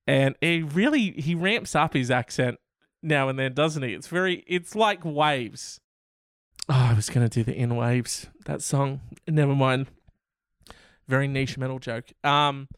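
A man's voice: fairly high pitch, lively intonation, a little slow, fairly bright tone, smooth, no room sound, clean studio sound. Man with sarcastic, rambling comedic commentary. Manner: sarcastic, rambling asides with swearing. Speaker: host reading and mocking news stories.

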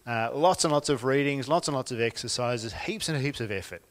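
A man's voice: mid-range voice, brisk. Australian man preaching in a reverberant hall. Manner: expressive preaching that swings from quiet to emphatic. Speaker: pastor. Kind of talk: sermon.

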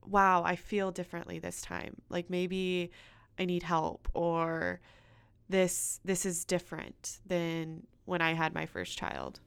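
A woman interviewing a guest, asking measured, supportive questions. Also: fairly low pitch, vocal fry, clean tone, dry recording.

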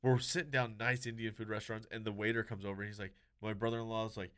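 A man's voice: on the low side, fairly even intonation, quick pace, few pauses, fairly bright tone, clear, resonant tone. A man hosting a podcast, telling a rambling story in casual chat, full of "dude" and "like.". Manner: rambling, restarts often, says "dude" and "like".

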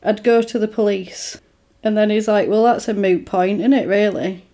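A woman chatting casually, retelling a film plot and acting out the characters' lines in an animated way. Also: medium pitch, normal speed.

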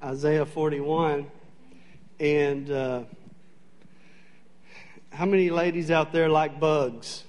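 A man with a fairly high voice preaching in a church. He tells funny, animated stories in a chatty way and often stops on fillers. It is an easygoing, storytelling sermon. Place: church sanctuary.

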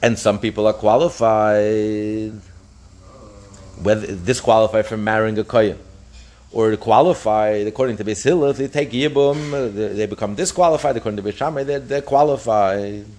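A man teaching a daf yomi Talmud class, explaining with frequent restarts and acting out the sages' voices. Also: normal speed. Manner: animated, acts out the sages' voices with pitch jumps; repeats and restarts phrases while explaining.

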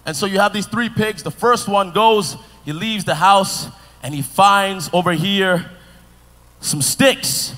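A preacher with a high, bright voice tells a story to his congregation, lively and playful, calling out to the room. His voice rings with a long hall reverb. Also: slow pace. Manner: animated, playful, talks to the crowd. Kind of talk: storytelling sermon.

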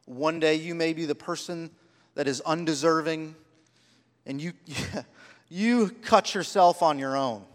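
A man's voice: fairly high pitch, unhurried, long reverb tail. A man preaching a sermon, telling personal stories with heartfelt, rising emphasis. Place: church sanctuary.

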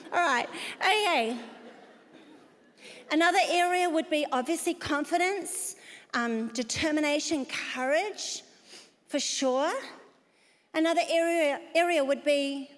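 An older woman preaches with emphatic conviction, calling out to her congregation. Her voice sits high. It rings with the long reverb of a large hall. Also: lively intonation, takes it slowly, pauses often, fairly bright tone. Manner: emphatic preaching with call-outs to the audience. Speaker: pastor. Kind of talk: sermon.

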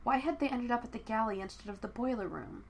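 A woman narrating fan fiction as an audiobook, telling the story in a steady, even way. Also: on the high side, fast talker, husky.

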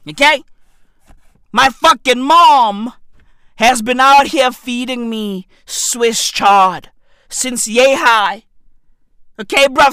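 A man doing a profane comedic rant in a mock-outraged tone, shouting at times. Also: slow pace, smooth, dry recording. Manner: animated, swearing, exaggerated mock outrage, repeats "bruv"; breaks into shouts and squeaky high-pitched bursts.

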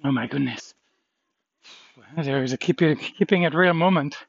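A man's voice: fairly high pitch, moderate pace, gravelly, husky, dry recording, muffled recording. A shaken man rambling about a dog fight, swearing under his breath and trailing off. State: shaken, adrenaline-pumped. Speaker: vlogger. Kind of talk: shaken personal vlog after a dog fight.

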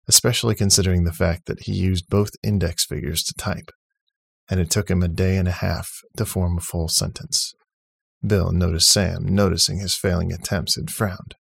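A man narrating a serialized story in a steady, matter-of-fact way. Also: low voice, moderate pace, vocal fry, slightly rough, no echo, studio quality. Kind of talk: scripted narration.

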